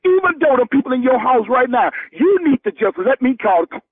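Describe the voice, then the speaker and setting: A man on a phone call, loud and exasperated, swearing as he argues. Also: extremely high pitch, big pitch swings, brisk, slightly rough, no echo. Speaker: prank call target. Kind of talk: phone conversation.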